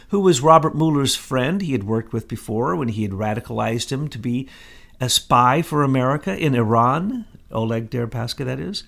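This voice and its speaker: A man's voice: mid-range voice, creaky, a bit bright. A man co-hosting a political talk show, talking confidently in sweeping, conspiratorial claims. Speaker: co-host.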